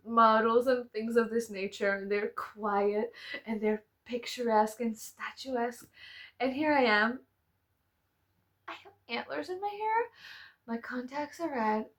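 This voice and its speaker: A woman's voice: on the high side, sharp tone. A young woman telling a casual story to her subscribers, laughing often, swearing freely and mocking herself dramatically. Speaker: vlogger.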